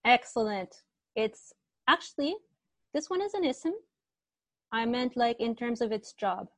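A woman teaches an online grammar class with a fairly high voice. She quizzes her students patiently, repeating questions and answers back to them. The sound is dry, with little room around it. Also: expressive, unhurried, a bit bright, dry recording.

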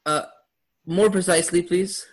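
A man with a fairly high voice teaches a class on Quranic Arabic. He keeps quizzing his students and laughs often as he goes. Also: steady tone, a little slow. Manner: asks students questions, upbeat with laughs. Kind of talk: classroom lesson.

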